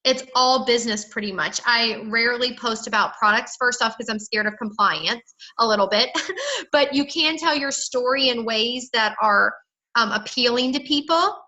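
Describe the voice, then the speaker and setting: Coaching her sales team over low-quality call audio, a woman speaks at a moderate pace in a fairly high, bright, forceful voice. Her style is chatty and emphatic, and she often acts out what she'd tell people.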